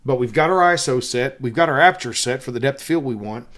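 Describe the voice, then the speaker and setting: A man's voice: medium pitch, animated, quick pace, a bit bright. A man in his fifties with a Southern US accent teaches in a loose, conversational way. He drives his points home with emphasis and says them again so they stick. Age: 50s. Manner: emphatic, repeats key points. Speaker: photography instructor. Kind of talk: casual teaching monologue.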